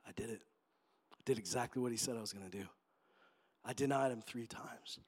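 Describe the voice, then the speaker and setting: A man acting out a panicked disciple denying his friend, then hushed and broken in a sermon retelling. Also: medium pitch, brisk, husky, pitched below the performer's own voice, natural voice. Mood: crushed.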